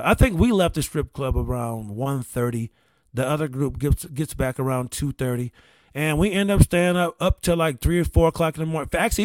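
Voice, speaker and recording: A man's voice: fairly high pitch, no room sound. A man casually telling a long personal story, rambling with restarts, repeated words and casual swearing. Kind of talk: casual anecdote.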